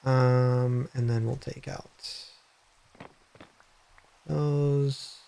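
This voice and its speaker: A man live-streaming a game, rambling and hesitant, then bursting into excited high-pitched reactions. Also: extremely slow, creaky, smooth. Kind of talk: live gameplay stream chat.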